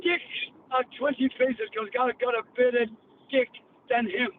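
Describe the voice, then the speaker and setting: A man's voice: very high-pitched, fairly even intonation, normal speed. A male podcast host with a Cockney accent, rambling through a brash, profane monologue. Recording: tinny phone-like line, faint hiss.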